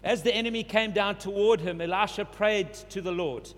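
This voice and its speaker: A man's voice: high-pitched, moderate pace. A man preaching a sermon, repeating phrases and building to urgent emphasis. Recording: long hall reverb, faint hum.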